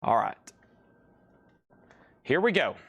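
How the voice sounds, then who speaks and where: A man's voice: medium pitch, very animated, takes it slowly, creaky, a bit bright. A man hosting a live record sale, chatting casually and thinking aloud as he sorts through crates. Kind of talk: casual livestream selling.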